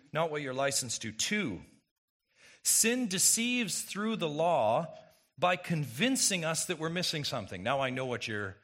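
A man's voice: fairly high pitch, fairly bright tone. A man preaching a sermon as pastor, emphatic and full of rhetorical questions to the congregation.

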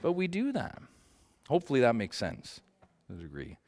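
A man's voice: mid-range voice, huge pitch swings, moderate pace, darkish tone. A man teaching a Bible study group in a conversational way, earnest and passionate, often checking in with his listeners.

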